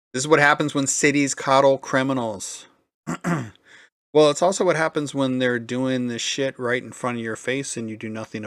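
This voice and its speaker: Male reaction host, sarcastic mutterer, mid pitch, dry mic. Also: fairly bright tone, dry recording. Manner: sarcastic, muttering asides, swears freely. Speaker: commentary channel host. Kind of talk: casual reaction commentary.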